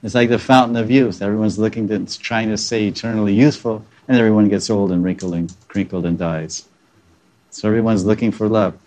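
Guy with a lowish voice giving a devotional talk, laughs at his own jokes, does little voices for quotes. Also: darkish tone. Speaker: spiritual teacher. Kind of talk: devotional lecture.

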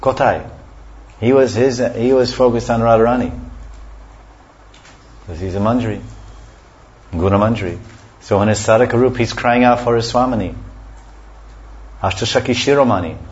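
A man's voice: mid-range voice, moderate pace, pauses often. A man giving a scripture class, explaining verses and sometimes chanting them. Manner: explanatory, often chants verses and laughs softly. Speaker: religious teacher. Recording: dull lo-fi recording.

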